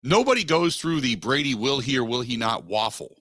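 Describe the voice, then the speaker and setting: A man hosting a sports talk radio show, giving opinionated takes in an emphatic way that climbs in pitch as he gets worked up. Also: very animated, a little fast, fairly bright tone, no room sound, clean studio sound. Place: radio studio. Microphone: studio microphone.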